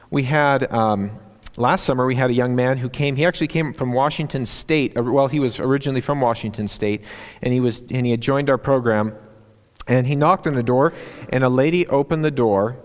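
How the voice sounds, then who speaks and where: A man delivers a sermon as a guest preacher in a church. His voice sits at an ordinary pitch, and he talks haltingly, full of ums and restarts. The recording carries a long reverb from the sanctuary. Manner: halting, many fillers and restarts. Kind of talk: sermon with personal stories.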